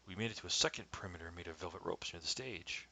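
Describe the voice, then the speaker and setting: A man narrating his own first-person story at a measured pace, often dropping to a hushed whisper. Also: sits low, rough recording.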